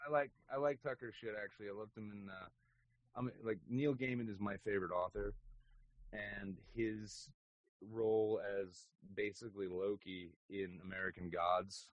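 A man co-hosting a podcast in casual chat, ranting with animated, profane bursts that sometimes break into shouting. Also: on the low side, normal speed, no echo, muffled recording. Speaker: podcast co-host.

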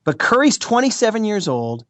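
An American man, a regular pundit, talking sports in a casual, animated way with playful mock emotion. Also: sits high, normal speed, dry recording. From United States. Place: California, Bay Area.

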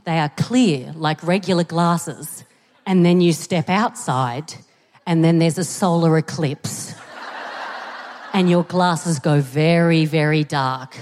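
A woman with an Australian accent performing a stand-up comedy set, telling stories with animated delivery and sudden shouted punchlines, recorded live on a theatre stage. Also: low-pitched. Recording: live theatre with long hall reverb.

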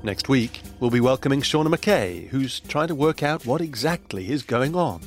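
A man's voice: mid-range voice, animated, normal speed. A man hosting a podcast, reading a jokey, breezy outro over faint music. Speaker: podcast host. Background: faint background music.

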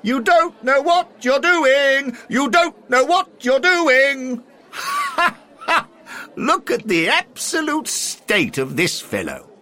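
A man voicing a boisterous, mocking old gentleman who founded a football club, in a loud, high, cackling voice. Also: huge pitch swings, takes it slowly, heavily acted. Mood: jeering.

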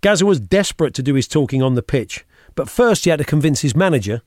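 A male narrator delivering scripted narration with a fairly high voice that rises and falls a lot. The read is measured, and the recording is dry and close. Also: lively intonation, darkish tone, no echo. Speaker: documentary narrator.

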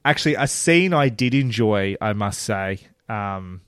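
A man's voice: fairly low pitch, a little slow, clear, resonant tone, dry recording. Aussie guy ranting about a tv show, laughs a lot, swears, dry close mic. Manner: animated, swears, laughs often. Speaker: podcast co-host. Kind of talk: casual chat reviewing a TV show.

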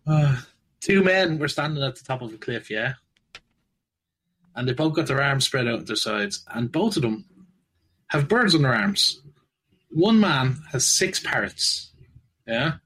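A man's voice: mid-range voice, expressive, measured pace, pauses often, a bit bright, breathy edge, low-quality recording. A man telling jokes on a podcast, laughing at his own punchlines. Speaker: podcast co-host. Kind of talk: casual joke telling.

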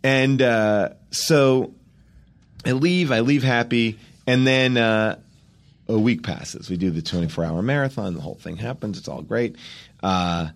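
A man's voice: medium pitch, measured pace. A middle-aged man, a podcast guest, telling a comic anecdote in casual chat and acting out the people he quotes. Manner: animated storyteller, acts out quoted people in shifting voices.

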